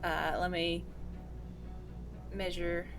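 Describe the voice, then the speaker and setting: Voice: mid-range voice, little pitch movement, extremely slow, over music. A player explaining their moves matter-of-factly in a casual tabletop game.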